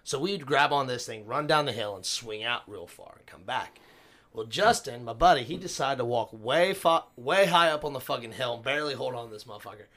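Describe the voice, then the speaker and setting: A man in casual podcast chat, swearing a lot as he tells a story. His pitch swings widely, rising high as he acts out people yelling. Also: a little fast. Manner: profane, animated storyteller. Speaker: podcast guest.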